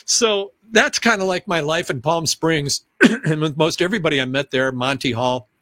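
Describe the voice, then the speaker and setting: A middle-aged man, a former TV announcer and weatherman, telling stories as an interview guest, animated and often clearing his throat. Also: moderate pace, no room sound, clean studio sound. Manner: animated, acts out excited voices in a high pitch. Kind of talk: conversational storytelling.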